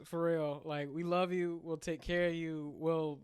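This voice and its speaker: A man co-hosting a casual podcast, retelling a story in animated, slang-filled chat. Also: on the high side, measured pace, clear, resonant tone. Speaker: podcast co-host.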